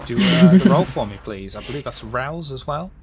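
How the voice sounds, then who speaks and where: A man running a tabletop horror game, describing scenes and pausing to answer players' questions. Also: on the high side, animated, a little mellow, slightly rough. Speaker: game master.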